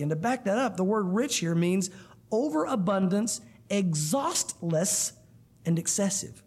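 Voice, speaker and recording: A man's voice: high-pitched, animated, moderate pace, a little mellow, breathy edge. A man preaching a sermon to a room of listeners, earnest and emphatic, often calling them guys. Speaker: pastor. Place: church room.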